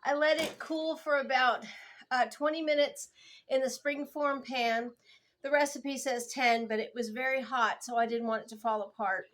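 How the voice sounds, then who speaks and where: A woman's voice: high-pitched, fairly even intonation, normal speed, a bit bright. Chatty woman baking at home. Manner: chatty and homey, addressing viewers as guys and y'all. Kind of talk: casual cooking vlog.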